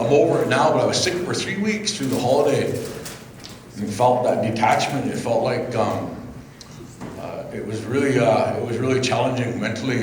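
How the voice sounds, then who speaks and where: A man giving an informal welcome speech as a tribal chairman. He speaks off the mic, in a halting and reflective way with many fillers. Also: mid-range voice. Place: indoor event hall. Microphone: speaking without the mic. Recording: very echoey hall, faint background hum.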